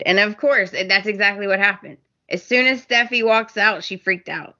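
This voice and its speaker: Bright-voiced woman recapping a soap. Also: mid-range voice, normal speed, hardly any pauses, highs cut off. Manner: animated, acts out characters' lines. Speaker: podcast co-host. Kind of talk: casual soap opera recap chat.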